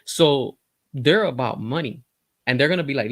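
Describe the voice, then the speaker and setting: Man, opinionated commentary, mid-pitched voice, dry close sound, talks straight to viewers. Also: normal speed, no echo. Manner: animated, opinionated, speaks directly to the viewer. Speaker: entertainment news commentator.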